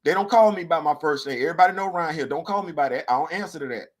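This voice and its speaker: A man hosting a talk show and telling a comedic story in an animated way, swinging from low mutters to loud outbursts and repeating phrases for emphasis. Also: racing. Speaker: podcast host.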